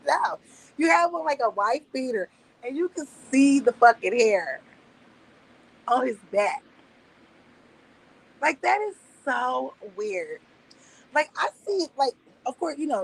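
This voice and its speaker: A woman in her thirties streaming, telling casual stories in a profane, laughing, animated way. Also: a little high, creaky, breathy edge, poor audio. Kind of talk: casual storytelling monologue. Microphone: streaming mic.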